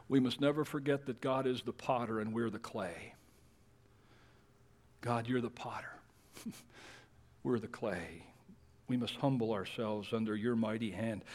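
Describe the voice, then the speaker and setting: A man preaching a sermon, swinging between quiet whispers and loud, emphatic passages. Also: mid-range voice, a little slow. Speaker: pastor.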